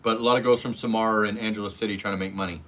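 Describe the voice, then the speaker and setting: A blunt, foul-mouthed man chats through a livestream, answering his viewers' comments. His voice has a bright, forward edge. He talks casually and crudely, and he sometimes mimics the people in his stories. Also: on the low side, steady tone, very fast. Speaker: livestream host reading chat.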